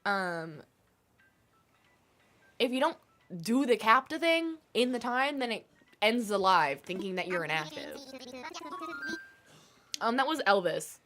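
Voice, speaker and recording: A woman's voice: medium pitch, expressive, slow, pauses often, fairly bright tone, faint music behind. A young woman streaming a game, chatting casually and answering her chat, with a stuffy nose. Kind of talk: casual chat while gaming.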